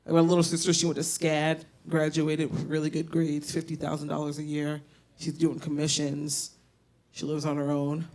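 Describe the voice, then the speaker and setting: A young woman with a Southern US accent doing a loud, profane, self-mocking stand-up set on a bar stage. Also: low voice. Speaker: stand-up comedian. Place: comedy bar stage, live audience.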